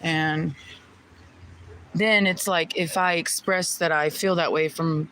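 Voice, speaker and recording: A woman's voice: deep voice, steady tone, slow pace, a bit bright, a little hiss or hum, poor audio. A woman vlogger ranting to the camera in an aggrieved, venting way, repeating herself and swearing. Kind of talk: personal rant to camera.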